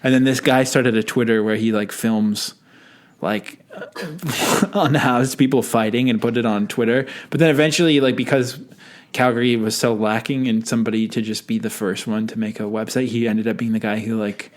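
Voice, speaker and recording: A man's voice: mid-range voice, fairly even intonation, normal speed. A man hosting a podcast in casual chat, rambling and joking as he introduces songs. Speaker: podcast host.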